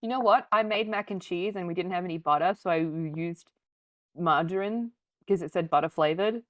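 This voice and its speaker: A woman's voice: lowish voice, normal speed, dry recording, clean studio sound. A woman with an Australian accent, co-hosting a casual podcast chat and joking playfully. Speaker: podcast co-host.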